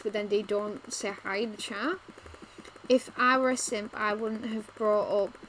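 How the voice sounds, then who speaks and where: A woman's voice: on the high side, a little hiss or hum. A woman streaming a video game, chatting casually with her viewers and laughing often. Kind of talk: casual let's-play commentary.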